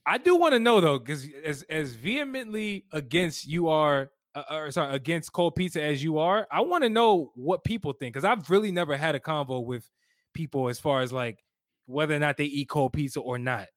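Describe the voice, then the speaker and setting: A man's voice: a little high, animated, moderate pace, no echo, studio quality. A man co-hosting a podcast, arguing bluntly and swearing casually in banter. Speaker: podcast co-host.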